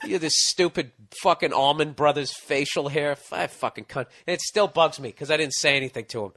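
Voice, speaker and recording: Fairly high and fairly bright, this middle-aged man's voice comes quickly with few pauses and no echo. He's a podcast host reading a listener's advice letter in casual chat, ranting and storytelling with heavy swearing.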